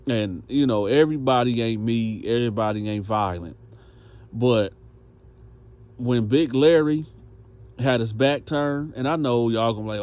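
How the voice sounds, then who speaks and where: Animated male storyteller. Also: medium pitch, unhurried, pauses often. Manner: animated, acts out voices. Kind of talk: casual prison storytelling.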